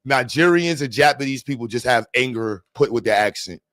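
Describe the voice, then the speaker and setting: A man's voice: mid-range voice, animated, fairly quick, a bit bright, no echo, studio quality. Man rambling casually to his stream chat. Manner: rambling, profane, joking. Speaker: livestreamer.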